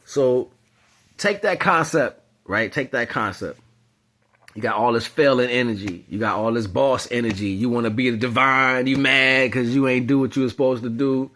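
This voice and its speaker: A man in the middle of a loose spiritual monologue, speaking at an ordinary, mid-range pitch. He rambles in casual slang, circling back on himself and stretching out his points as he talks. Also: normal speed. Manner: rambling, slangy, animated storytelling. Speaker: spiritual commentator.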